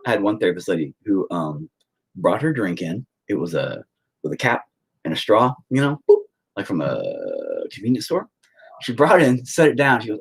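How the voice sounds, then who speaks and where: A man's voice: fairly low pitch, big pitch swings, moderate pace, vocal fry, breathy edge. A man chatting casually on a phone livestream from home, rambling and swearing freely as he tells stories. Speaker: livestreaming painter.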